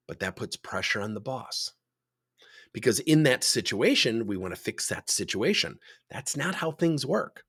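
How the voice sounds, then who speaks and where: This leadership coach talks to camera at a moderate pace, his mid-range voice slightly rough. He's an animated storyteller, performing the dialogue as he relates workplace anecdotes about coaching.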